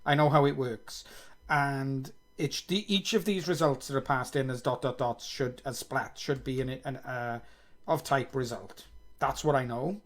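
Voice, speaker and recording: A man's voice: medium pitch, measured pace. A man streaming himself coding live, thinking aloud, reading code under his breath and poking fun at himself. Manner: muttering, self-mocking, reads code aloud.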